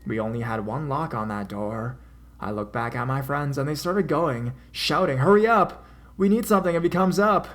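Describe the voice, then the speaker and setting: A man narrating a horror story as a scripted reading, dramatic, with his pitch and loudness swelling in the tense parts. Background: faint music.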